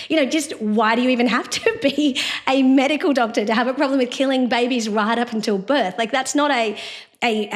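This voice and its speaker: A woman host, giving emphatic, scornful political commentary. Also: mid-range voice. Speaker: host and law professor.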